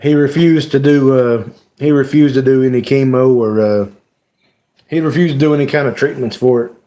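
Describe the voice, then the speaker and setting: Male streamer host, mid-pitched, casual, emotional, halting with many fillers. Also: fairly even intonation, dark tone. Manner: emotional, halting, lots of "you know" fillers. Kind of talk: casual live-stream chat.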